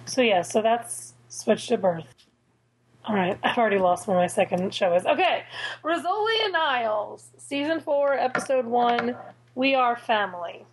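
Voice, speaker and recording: Chatty high-voiced woman. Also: moderate pace, a little hiss or hum, rough recording. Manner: chatty, animated, laughs often. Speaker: podcast co-host. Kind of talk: casual TV review chat.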